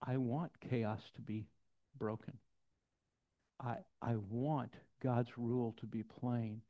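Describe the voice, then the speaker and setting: A pastor preaching a sermon, telling stories with lively quoted voices and dropping to soft, intense passages. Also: male voice, mid-range voice, slow. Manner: storytelling, animated quotes, drops to soft intensity. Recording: dull lo-fi sound.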